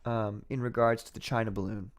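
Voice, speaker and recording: A man's voice: fairly low pitch, fairly even intonation, brisk. A man hosting a casual livestream, rambling and sarcastic, often breaking into laughter. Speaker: livestream host.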